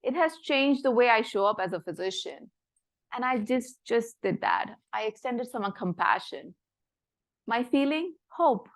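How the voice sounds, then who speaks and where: A woman physician gives an earnest, reflective talk about her practice in measured phrases, her voice softening almost to a whisper at tender moments. Her pitch is a little high and her intonation lively.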